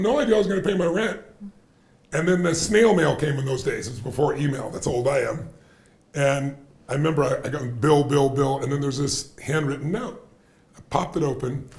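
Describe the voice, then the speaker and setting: A man as a podcast guest, telling stories in an animated, emphatic way and repeating phrases for effect. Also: on the high side. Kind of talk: animated storytelling in conversation. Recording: roomy echo.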